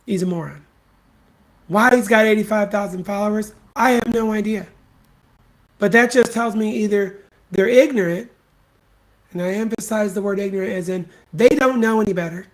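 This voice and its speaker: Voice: medium pitch, normal speed. A podcast host ranting solo, blunt and scornful, swearing freely and hammering points home by repeating them. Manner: emphatic repetition. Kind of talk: solo opinion rant.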